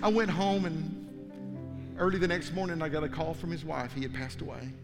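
A man preaching a sermon as a pastor, telling a personal story dramatically, dropping to hushed tones and rising to fervent preaching. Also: fairly high pitch, steady tone, moderate pace, over music. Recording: long hall reverb.

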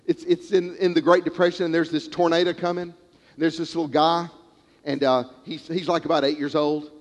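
A man preaching a sermon, retelling a parable with animated storytelling and acted-out characters. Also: a little high, normal speed. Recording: long hall reverb.

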